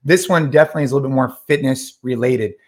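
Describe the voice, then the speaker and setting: Talking very fast in a medium-pitched voice, a middle-aged man runs a brief solo podcast. He's casual and full of energy, and he tends to relay past conversations by quoting the voices involved.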